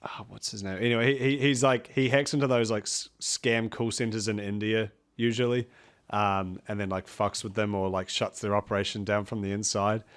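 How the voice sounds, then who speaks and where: A man's voice: lowish voice, steady tone, moderate pace, clean tone. A man with a New Zealand accent, a podcast guest chatting casually, rambling and swearing freely with frequent laughs.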